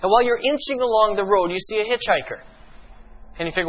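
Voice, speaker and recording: A man preaching a sermon as pastor, emphatic and full of rhetorical questions, slowing down for dramatic pauses. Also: high voice, a bit bright, poor audio.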